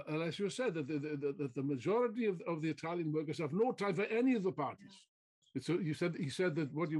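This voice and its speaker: A man's voice: fairly high pitch, slightly rough. A man giving a political speech to a meeting, emphatic, repeating phrases and throwing out rhetorical questions. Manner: mocking mimicry of opponents. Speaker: political speaker.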